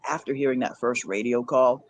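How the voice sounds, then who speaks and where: A man's voice: medium pitch, steady tone, a little fast. Man, casual co-host, meandering and reflective, faint background noise. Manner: thoughtful, rambling with fillers. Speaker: podcast co-host. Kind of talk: casual chat.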